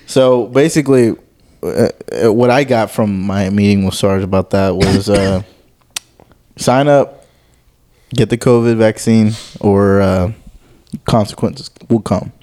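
Young dude on a podcast, lowish mellow voice, keeps laughing while he tells stuff. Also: takes it slowly. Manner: laughs often while telling stories. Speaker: podcast co-host. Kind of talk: casual chat.

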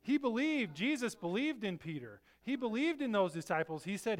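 A middle-aged pastor preaches with an easygoing, chatty manner, leaning on rhetorical "right?" asides. His voice sits notably high for a man. Every so often he pushes into loud, emphatic bursts. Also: big pitch swings, a little fast, few pauses. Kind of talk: sermon.

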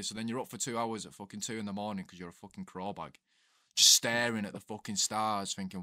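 A man's voice: on the low side, lively intonation, quick pace, bright, forceful tone, no echo, studio quality. A man, an ex-soldier co-hosting a podcast, telling laid-back sweary army stories in casual chat.

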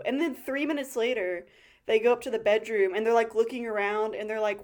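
A woman's voice: fairly high pitch, fairly even intonation, a little fast, darkish tone. A woman co-hosting a podcast in casual chat, making blunt points with plenty of swearing. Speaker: podcast co-host.

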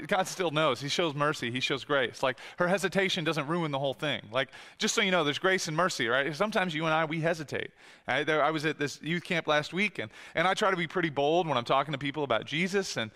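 A man preaching a sermon in an animated, conversational way, full of asides and quoted voices. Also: on the high side, in a large hall. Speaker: pastor. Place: church hall.

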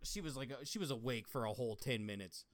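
A man's voice: mid-range voice, lively intonation, fast, crowd noise. A young man co-hosting a podcast, telling rambling stories in casual chat and swearing often. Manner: rambling storytelling with frequent swearing. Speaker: podcast co-host.

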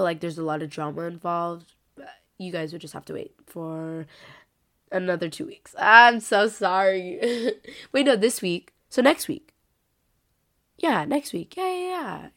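A teenage girl hosts her podcast alone, sounding sick and a little congested. Her voice sits slightly low for a young woman. She rambles along in loose, chatty talk, stringing thoughts together with constant filler words. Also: vocal fry. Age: late teens. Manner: rambling, heavy use of "like" fillers. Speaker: podcast host. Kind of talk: casual solo podcast chat.

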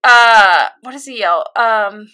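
Bright-voiced young woman recapping an anime. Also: on the high side, takes it slowly, smooth. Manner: animated recap with acted-out quotes and laughs. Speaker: podcast co-host recapping an anime. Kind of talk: casual chat.

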